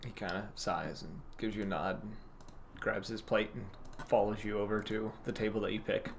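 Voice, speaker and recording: A man's voice: lowish voice, little pitch movement, normal speed, creaky, slight background noise. A man narrating a tabletop role-playing game as game master, loose and rambling, with many fillers.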